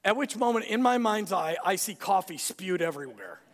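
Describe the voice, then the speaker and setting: A man preaching a sermon, an animated storyteller who acts out the characters. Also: high voice, a little fast, big-room sound. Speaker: pastor.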